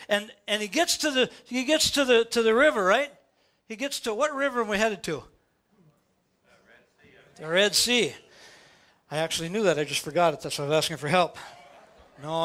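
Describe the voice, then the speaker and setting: A male pastor, preaching a sermon in church in an animated, playful way, often asking rhetorical questions. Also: high voice.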